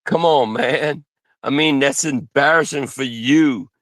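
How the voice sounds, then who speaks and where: A man with a mid-range, fairly bright voice rants angrily at the people around him, lecturing them with constant swearing and grandiose threats in a slow, drawn-out delivery. There's no echo on the recording.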